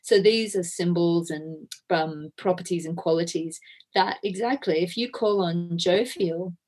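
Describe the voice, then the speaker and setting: A chatty woman talks as a podcast guest in a slightly low voice. She rambles warmly from one point to the next. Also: a little slow, breathy edge. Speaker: guest author. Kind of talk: casual interview chat.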